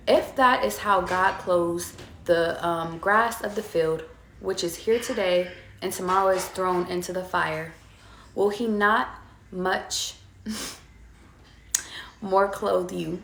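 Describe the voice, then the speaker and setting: A woman's voice: mid-range voice, moderate pace, gravelly, fairly bright tone. A young woman tarot reader talking casually to her viewers, chatty and swearing freely. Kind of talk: casual spiritual talk to viewers. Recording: echoey room.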